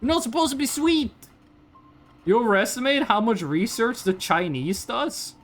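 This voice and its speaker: Ranting Norwegian woman streamer, native Norwegian speaker, lively and swings her pitch a lot, curses casually. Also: moderate pace. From Norway. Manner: ranting, swears freely, animated. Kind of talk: casual livestream chat.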